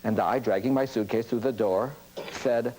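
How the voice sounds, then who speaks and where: A man's voice: mid-range voice, normal speed, a little mellow, a little hiss or hum, rough recording. A priest giving a storytelling lecture on communication, acting out the people in his anecdotes. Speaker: priest and speaker on cross-cultural communication.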